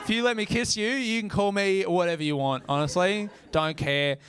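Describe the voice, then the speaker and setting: A man's voice: sits high, normal speed, crowd noise, background noise. An Australian man performing stand-up comedy, casual and self-mocking, with frequent swearing.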